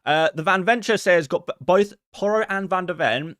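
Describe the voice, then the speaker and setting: A man hosting a casual live stream in a friendly, quick way, reading out viewer messages and answering each one. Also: high-pitched, a bit bright, no echo, studio quality. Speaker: host answering viewer questions.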